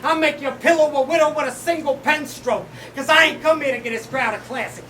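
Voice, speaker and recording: A man rapping a battle verse at a live event, aggressive and mocking, shouting his punchlines. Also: very high-pitched, brisk. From United States. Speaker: battle rapper. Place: live battle venue with crowd. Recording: distant mic, loud crowd noise.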